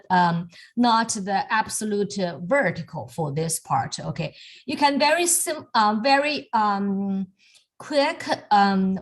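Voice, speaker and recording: A woman teaching calligraphy over a video call, with halting phrasing and frequent restarts. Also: medium pitch. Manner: halting, many fillers and restarts, soft laughs. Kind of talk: online lesson demonstrating strokes.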